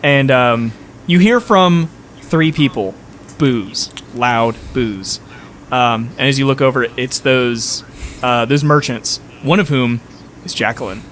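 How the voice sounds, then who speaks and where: A man's voice: medium pitch, slow, fairly bright tone, a little hiss or hum. A man working as dungeon master, narrating a tabletop game in a loose, rambling way full of fillers.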